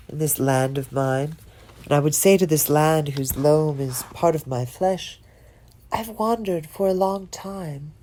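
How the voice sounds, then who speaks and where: A woman giving a slow, dramatic poetry reading, expressive and dropping some words to a whisper. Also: deep voice. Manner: lingers on and repeats single words. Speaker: poetry reader.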